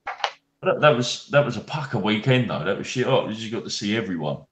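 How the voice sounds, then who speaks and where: A British man with a British English accent co-hosts a casual podcast chat, teasing his friends in laid-back slang. His voice is lowish with lively intonation, and he talks fast. The recording is in an echoey room, with a little hiss or hum.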